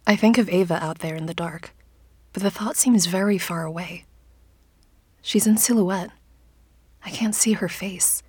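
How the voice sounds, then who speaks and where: A woman narrating a first-person story in an audiobook, in a hushed, often whispered, intimate delivery. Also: lowish voice, measured pace, pauses often, breathy edge, no room sound.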